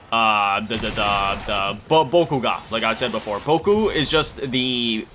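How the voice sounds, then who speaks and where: Man, gameplay chat, bright voice, rambling, fillers, self-mocking. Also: medium pitch, a little hiss or hum. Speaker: gaming video creator. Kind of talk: casual chat over gameplay.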